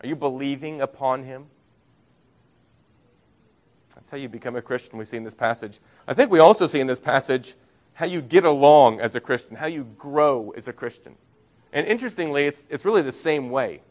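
A male pastor delivers a sermon in a mid-range voice. He preaches earnestly, pressing key words with rising force and then sinking into quiet, low lines. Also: lively intonation, fairly quick. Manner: earnest preaching, rising emphasis and soft drops.

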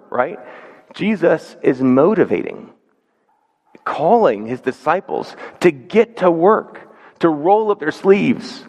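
A man preaching a sermon as pastor, earnest and measured, slowing down to stress key words. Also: mid-range voice, animated, a little mellow. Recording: dull sound with long hall reverb.

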